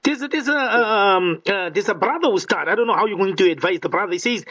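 A male radio co-host reading out listener messages with animated, quick interjections. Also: sits high, recorded from a distance. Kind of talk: radio talk. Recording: dull sound, away from mic.

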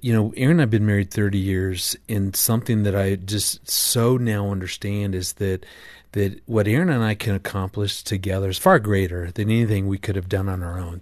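A middle-aged man telling a story in a casual interview, earnest and animated, often restarting his sentences. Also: on the low side, normal speed, no echo. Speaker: guest, marriage author.

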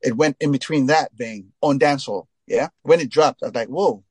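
This reggae singer from Trinidad is a guest in a relaxed storytelling interview, where he wanders from tale to tale, laughs, and leans heavily on "you know." He talks a little fast in a husky voice of ordinary male pitch. It's captured close up and dry, without any room ambience.

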